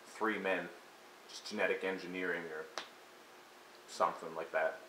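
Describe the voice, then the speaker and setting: With a lowish, slightly bright voice, a male music reviewer tears into an album in a crude, comedic rant, mocking it and slipping into over-the-top impressions. It's recorded in an echoey room with faint hiss.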